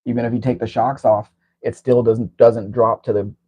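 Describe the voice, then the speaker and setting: Male host, mid-pitch, easygoing rambler, muffled stream audio. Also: little pitch movement, moderate pace, a little mellow, slightly rough. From Southern California. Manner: rambling, chatty car talk with wry asides. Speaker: show host. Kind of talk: casual live-stream chat.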